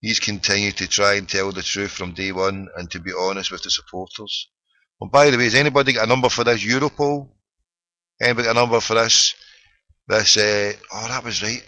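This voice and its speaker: A man's voice: lowish voice, fairly even intonation, brisk, bright, forceful tone, no room sound, poor audio. A middle-aged man with a Glaswegian accent hosting a phone-in podcast, ranting sarcastically and swearing freely in casual solo commentary. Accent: Scottish, Glaswegian.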